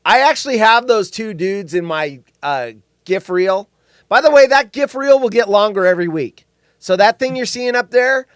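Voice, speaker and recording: This is a man co-hosting a casual chat show, joking with his partner and the audience. His voice sits high and swings widely. The sound is dry and close. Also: clean tone, no room sound. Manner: animated, jokey, belts out song lines. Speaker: co-host. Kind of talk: casual podcast banter.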